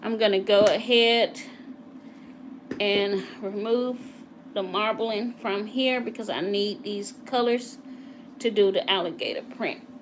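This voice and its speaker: A woman's voice: mid-range voice, fairly even intonation, takes it slowly. Woman, nail technician, chatty live tutorial, faint room noise. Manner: chatty, talks to live viewers while working. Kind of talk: casual live tutorial chat.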